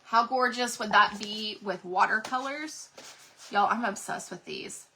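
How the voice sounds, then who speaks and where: A woman's voice: mid-range voice, measured pace, sharp tone, slight background noise. A woman hosting a casual craft livestream, gushing and chatty as she talks to viewers in the chat.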